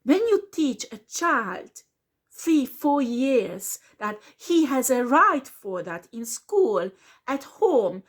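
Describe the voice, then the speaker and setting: A woman gives a casual tarot reading. Her voice sits fairly high, and she takes her time, speaking slowly and earnestly and repeating her points. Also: very animated. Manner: earnest, repeats herself, slips into French words. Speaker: tarot reader.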